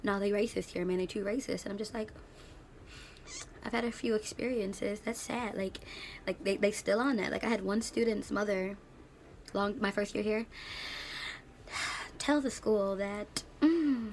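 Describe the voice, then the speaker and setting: A woman in her late twenties, an English teacher, ranting in a casual vlog with sassy, animated storytelling and slang. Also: medium pitch, normal speed, a little hiss or hum. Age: late 20s.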